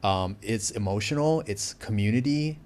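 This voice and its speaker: A man from the United States speaks as an interview guest in a fairly low voice. He talks in an animated, chatty way, often padding his sentences with fillers. The tone is casual and conversational. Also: normal speed.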